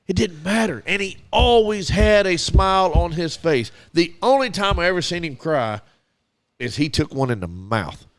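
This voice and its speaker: A man, hosting a casual podcast and telling animated stories as a youth baseball coach. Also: high voice, normal speed. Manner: animated storyteller who acts out quoted dialogue.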